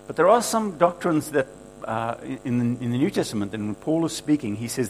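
A man's voice: medium pitch, expressive, brisk, a little hiss or hum, low-quality recording. A man preaching a sermon, emphatic and repetitive, quoting scripture with rising force and asking the room for agreement.

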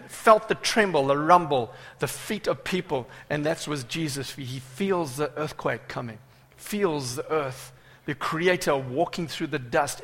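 A man preaching a sermon with dramatic swings from loud cries to hushed asides. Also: on the high side. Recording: reverberant hall.

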